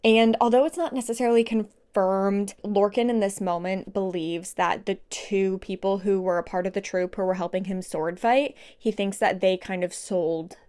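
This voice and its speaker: A woman's voice: mid-range voice, moderate pace, few pauses. Chatty young woman recapping a book. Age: 20s. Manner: chatty, animated, laughs to herself. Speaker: book vlogger. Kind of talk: casual plot recap.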